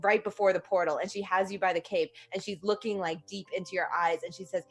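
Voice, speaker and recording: A woman runs a tabletop game, narrating scenes loosely with plenty of fillers and restarts. Her voice sits at an ordinary middle pitch. Faint music plays behind her. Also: fairly even intonation, fast, creaky, hardly any pauses. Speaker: game master.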